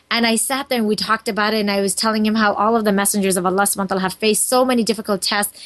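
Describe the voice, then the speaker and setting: A woman in her thirties, a guest on a talk show, speaking earnestly and telling stories in an animated way. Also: mid-range voice. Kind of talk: casual interview talk.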